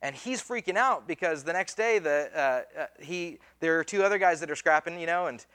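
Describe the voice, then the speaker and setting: A man's voice: fairly high pitch, brisk, fairly bright tone, clear, resonant tone. A man preaching a sermon as pastor, in a casual, conversational way with slang and acted-out quotes.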